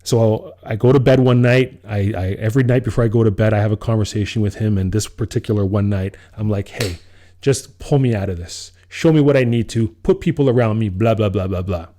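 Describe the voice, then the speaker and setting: A podcast co-host tells a personal story in casual chat, acting out his own quoted lines and laughing often. His lowish voice is mellow and a little fast.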